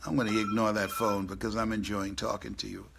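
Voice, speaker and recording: A man's voice: fairly low pitch, level tone, fairly quick, vocal fry, noisy background. A man in his seventies giving a live motivational speech on stage, telling stories and laughing at his own jokes. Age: 70s. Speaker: motivational speaker. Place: on stage before a live audience.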